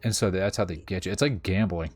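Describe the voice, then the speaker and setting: A man's voice: low voice, quick pace, faint music behind. Blunt, profane man in casual chat.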